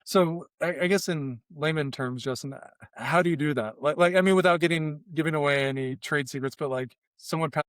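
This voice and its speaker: A man's voice: fairly high pitch, a little fast, fairly bright tone, no echo. A man hosting a podcast, interviewing casually with short affirmations. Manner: conversational, short affirmations and laughs. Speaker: podcast host.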